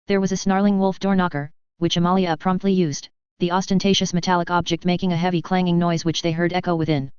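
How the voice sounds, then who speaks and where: Smooth, lowish woman reading a story. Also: a little mellow, dry recording. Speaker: story reader. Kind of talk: reading fan fiction aloud. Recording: dull, lo-fi, dry.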